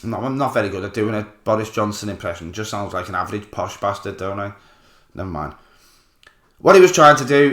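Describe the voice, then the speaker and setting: A political commentator with a mid-range, fairly bright voice delivers an angry, sarcastic ranting monologue, swearing freely. The recording has a roomy echo.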